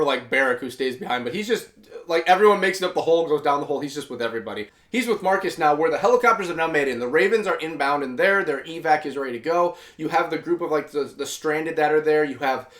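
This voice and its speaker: A man's voice: fairly high pitch, animated, brisk, fairly bright tone. A man hosting a casual comic review, rambling through the story with lots of filler and quoted lines. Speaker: host.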